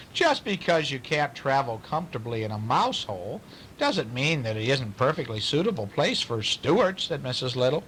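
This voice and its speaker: A man's voice: mid-range voice, lively intonation, normal speed, fairly bright tone, a little hiss or hum, rough recording. Man reading a bedtime story aloud. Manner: playful, stops to question the child.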